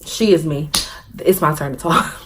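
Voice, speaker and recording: Young woman, vlogger, low-ish voice, animated storyteller who laughs at her own jokes. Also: normal speed, background noise. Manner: animated, laughing, acts out quotes. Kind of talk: story time vlog.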